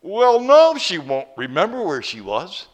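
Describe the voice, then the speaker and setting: A man's voice: high voice, huge pitch swings, measured pace, voice pushed up, exaggerated voice. A man voicing a nervous new father who answers bluntly and with exasperation. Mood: exasperated.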